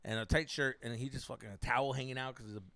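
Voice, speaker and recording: A young man hosting a podcast, telling stories in a profane, animated way, acting out voices and mixing in Spanish slang. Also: mid-range voice, rapid-fire, no echo. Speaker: podcast co-host. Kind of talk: casual storytelling chat.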